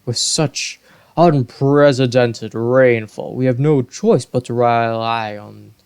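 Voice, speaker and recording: A man's voice: mid-range voice, slow pace, a little mellow, smooth, no echo. A man doing an earnest young fish-folk prince.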